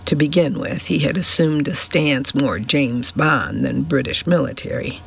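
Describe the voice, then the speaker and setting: A man narrating a novel for a radio reading service in a measured storytelling manner. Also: on the high side, creaky, a bit bright, breathy edge. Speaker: audiobook narrator. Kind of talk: scripted narration. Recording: slightly muffled with faint hiss.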